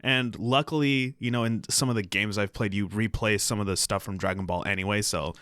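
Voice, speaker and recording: A man on a podcast, chatting casually in a relaxed, slightly hesitant way. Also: on the low side, brisk. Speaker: podcast co-host. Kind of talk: casual chat.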